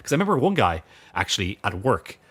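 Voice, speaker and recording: A man from Ireland with an Irish accent, co-hosting a podcast in casual chat, rambling and halting with many restarts. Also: on the low side, very animated, a bit bright, slightly rough. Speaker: podcast co-host.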